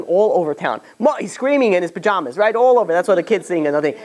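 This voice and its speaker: Male teacher telling the story to a class, conversational, halting, with plenty of "you know"s. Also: high voice, animated, darkish tone. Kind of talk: informal storytelling lesson to students.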